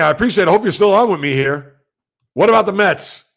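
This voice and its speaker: A man with a gravelly, fairly high voice hosts a casual sports livestream from home. He talks loud and emphatic, rambling in a conversational way and answering viewers in the chat. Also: lively intonation, fast.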